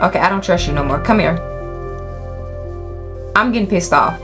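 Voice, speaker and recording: With lively intonation at a moderate pace, this gaming YouTuber's lowish voice carries casual, profane let's-play commentary. She chats with both the in-game animals and her viewers while faint game music plays.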